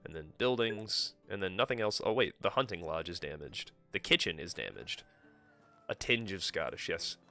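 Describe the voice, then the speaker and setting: Bright low-voiced streamer swearing. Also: male voice, expressive, moderate pace, soft background music. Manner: swears freely, talks to himself. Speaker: live streamer. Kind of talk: casual gameplay commentary.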